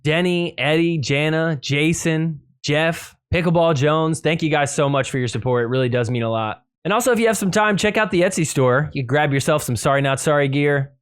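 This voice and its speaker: A man hosting a sports podcast, recapping games in a casual, excitable way and laughing at the calls. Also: a little high, brisk, few pauses, clear, resonant tone. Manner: excitable, laughing, mock-quoting players. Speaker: podcast host.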